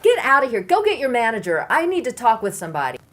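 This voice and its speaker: A woman playing an angry visitor who shouts accusations at a nurse caring for her father. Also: fairly high pitch, wildly swooping pitch, fast, exaggerated voice. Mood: angry, yelling.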